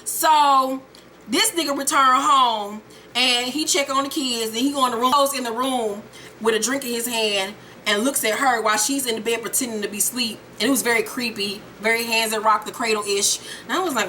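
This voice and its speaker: A young woman casually recapping a TV episode, profane and animated, acting out the characters as she retells scenes. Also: on the high side, moderate pace, slight background noise. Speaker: TV recap reviewer.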